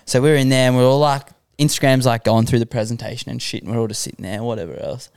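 A man's voice: medium pitch, fast talker, a little mellow, clear, resonant tone, no echo, clean studio sound. A man with a Western Sydney Australian accent telling rambling, sweary stories as a podcast guest. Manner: swears freely, rambling storytelling with many fillers. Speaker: podcast guest, extreme sports athlete. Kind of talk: casual chat.

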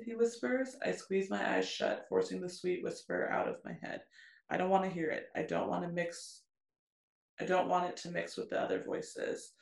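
A woman co-hosting a podcast, reading intense passages of a novel aloud at a steady pace and breaking off for quick asides. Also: lowish voice, vocal fry, reverberant. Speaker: podcast co-host.

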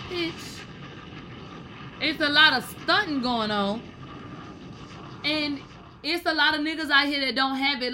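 A woman from Texas, hosting a podcast with animated, profane commentary and loud exclamations. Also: on the high side, slight background noise. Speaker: podcast host. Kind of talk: casual commentary.

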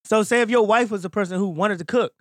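A man's voice: high-pitched, fast talker, dry recording, studio quality. A man co-hosting a podcast in casual chat, blunt and emphatic with plenty of profanity. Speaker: podcast co-host.

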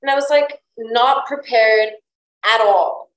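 A woman's voice: on the high side, takes it slowly. A woman hosting a podcast, telling personal stories in a candid, open way and often saying "like". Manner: candid, open storytelling with frequent "like". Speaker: podcast host. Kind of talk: casual podcast conversation. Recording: roomy echo.

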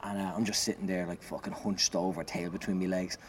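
Man, comedian, animated storytelling, low voice, noisy background. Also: fairly quick. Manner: animated, swearing, loud acted-out bursts. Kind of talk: storytelling anecdote in conversation.

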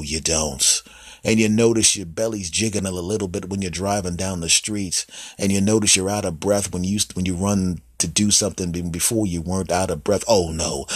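A male comedian talking alone into a close podcast mic, husky and lower-pitched. He jumps in and out of silly put-on voices. The room sounds dry, with no echo. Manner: animated, acts out voices and bits. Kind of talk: solo comedy podcast monologue.

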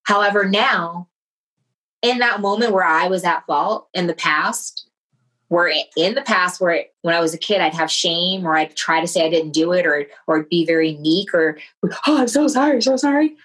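A woman with a fairly low voice tells a personal story in a relaxed, chatty way. She is lively and expressive and slips into the voices of the people she quotes. She sounds middle-aged. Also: moderate pace, low-quality recording. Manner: animated, acts out quoted voices. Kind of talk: casual storytelling chat.

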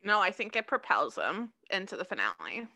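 Bright, lively woman co-hosting a podcast. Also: medium pitch, fairly quick. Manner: playful, teasing debater. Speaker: podcast co-host. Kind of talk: casual chat.

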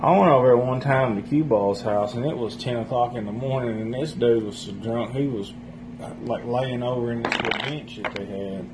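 A man's voice: medium pitch, fairly quick, background noise. Rambling man telling stories. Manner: rambling, profane, laughs while telling stories. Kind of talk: casual storytelling chat.

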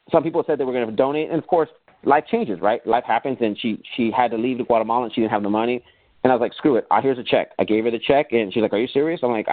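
Fast-talking man, tinny phone-like sound. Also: mid-range voice, dry recording. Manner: animated storyteller who acts out remembered conversations. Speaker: podcast guest, business owner. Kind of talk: casual interview storytelling.

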